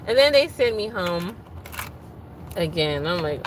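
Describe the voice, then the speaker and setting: A woman hosts a casual livestream, venting and greeting viewers one by one. She talks slowly in a lowish voice. Clear traffic noise from outdoors runs under her. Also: big pitch swings. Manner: chatty, vents and greets viewers by name. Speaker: livestream host.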